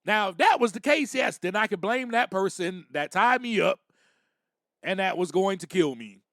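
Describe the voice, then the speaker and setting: A man's voice: sits high, lively intonation, normal speed, fairly bright tone, dry recording, studio quality. A man hosting a podcast, giving a personal recovery talk and acting out little quotes, repeating phrases as he goes. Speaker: podcast host.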